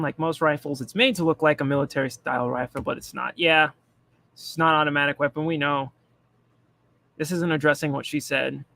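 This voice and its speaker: A man's voice: fairly high pitch, a bit bright, no echo. A man ranting bluntly and profanely in casual political commentary, mocking the people he talks about. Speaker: commentary streamer.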